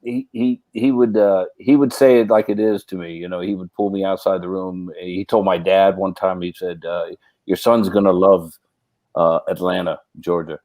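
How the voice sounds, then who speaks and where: A man's voice: sits low, fairly even intonation, moderate pace, few pauses, warm tone, dry recording. A middle-aged man, a guest actor, telling long casual anecdotes, rambling with many restarts and fillers.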